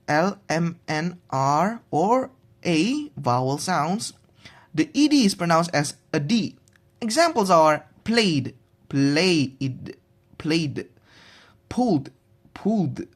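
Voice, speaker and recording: Young guy doing a class presentation, stops and restarts a lot, drags out the example words. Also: a little high. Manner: halting, with frequent restarts and drawn-out example words. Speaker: student presenting a pronunciation assignment.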